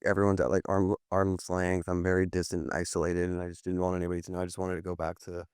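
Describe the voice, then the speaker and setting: In candid interview talk, a podcast guest in his thirties rambles through his story, full of fillers and restarts. He speaks fast in a low, darkish, smooth voice with a completely flat delivery, recorded dry at studio quality.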